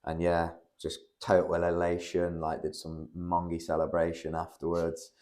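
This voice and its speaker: The young man guesting on this podcast is a British amateur MMA fighter telling a rambling story, heavy on fillers and swearing. His low, darkish voice stays completely flat, and he talks at a normal speed.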